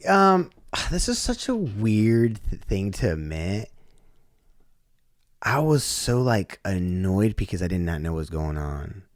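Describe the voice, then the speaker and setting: A man with a deep, low voice tells his story in a relaxed, animated way, slipping into the voices of the people he quotes. He restarts his sentences often as he talks. The sound is close and dry, with no room echo. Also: takes it slowly. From Oklahoma. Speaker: podcast guest. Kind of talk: casual storytelling.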